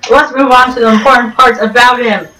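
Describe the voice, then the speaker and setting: A woman giving rambling, joking commentary over gameplay, full of ums and restarts and sudden jumps in pitch. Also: steady tone, fairly quick, pushed and bright. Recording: roomy echo, distant mic, faint game music.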